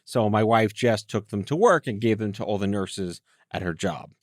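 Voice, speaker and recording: A man's voice: on the low side, normal speed, dry recording, clean studio sound. A man co-hosting a podcast in casual chat, rambling and joking with his co-host. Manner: jokey, rambling, playful.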